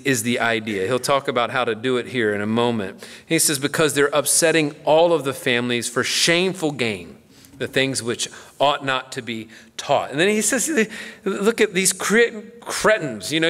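A middle-aged pastor teaches the Bible in a casual, conversational style, acting out a story with playful voices. His mid-range voice is expressive and a bit bright at a normal speed, and the hall adds a long reverb.

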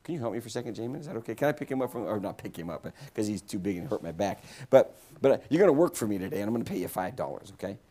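Speaking in a low, mellow voice, the man preaches a guest sermon rapid-fire and very animated, with hardly any pauses. He's jokey and playful, addressing the congregation and bringing members up to participate in the church sanctuary.

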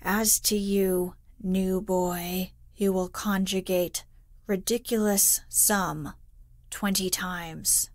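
A woman's voice: mid-range voice, fairly even intonation, very slow, no echo, clean studio sound. A woman reading aloud, voicing a stern, sarcastic male schoolmaster who barks curt commands. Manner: curt commands, shouts at times.

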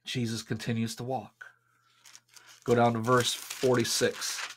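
A male preacher retells a scripture story, leaning hard on key phrases. He speaks slowly and takes long pauses, with a mid-range voice. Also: medium pitch, level tone, a little hiss or hum. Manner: dramatic, varied, emphatic. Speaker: pastor. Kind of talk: sermon storytelling.

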